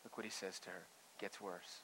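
Bright-voiced man preaching with swings. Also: low-pitched, little pitch movement, normal speed, slight background noise, poor audio. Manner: dramatic, swings from hushed to loud and emphatic. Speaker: pastor. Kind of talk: sermon.

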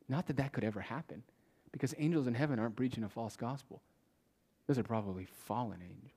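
A man preaching a sermon with passion, repeating phrases for emphasis and swinging between loud declarations and hushed whispers. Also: medium pitch, fast, slightly rough. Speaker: pastor.

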